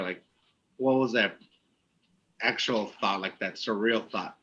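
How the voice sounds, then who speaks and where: A man's voice: mid-range voice, unhurried, pushed and bright, highs cut off. A man co-hosting a casual podcast interview, rambling with lots of filler words. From Texas. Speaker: podcast co-host.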